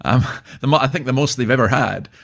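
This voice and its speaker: A man's voice: medium pitch, fairly quick, creaky. Older Scottish man, chatty storyteller. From Scotland. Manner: chatty storyteller, chuckling, frequent restarts. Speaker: guest minister. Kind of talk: casual interview chat.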